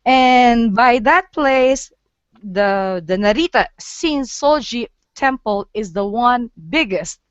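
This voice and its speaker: A woman's voice: on the high side, clear, resonant tone, no echo. Giggly woman host on a dull call. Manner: chatty, giggly, halting with fillers. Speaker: host of a live photo-walk stream. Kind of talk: casual group chat. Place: Japan.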